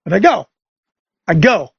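A man's voice: high voice, very animated, unhurried, creaky, slightly rough, no room sound, highs cut off. A man hosting a religious talk show, preaching with sarcasm and rising fire. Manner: fiery, sarcastic, rising to shouts.

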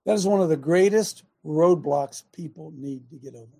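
A middle-aged man delivers a conversational sermon, moving between stories and direct questions to his listeners. His voice sits high and has a husky edge. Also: normal speed. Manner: animated, storytelling, asks listeners questions. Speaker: show host preaching. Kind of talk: conversational preaching.

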